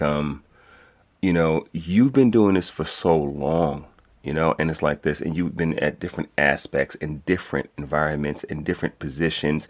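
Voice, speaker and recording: A man speaks in an extremely low, booming register. He talks as a guest in a lively, streetwise way, tossing in curses and checking in with his listener. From Brooklyn, New York. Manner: animated, streetwise, swears freely, many "you know what I'm saying". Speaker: guest, code enforcement instructor. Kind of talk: casual interview talk.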